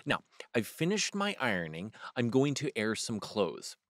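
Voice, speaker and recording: A man's voice: mid-range voice, wildly swooping pitch, a little slow, a bit bright, no room sound, clean studio sound, heavily acted. A man voicing a bustling, house-proud female hedgehog washerwoman in a storybook read-aloud, with a chatty, homely manner.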